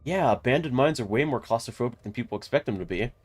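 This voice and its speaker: A man's voice: mid-range voice, lively intonation, fast talker, husky, faint music behind. A man voicing a cheerful, morbid young woman ghost hunter who cracks wry jokes.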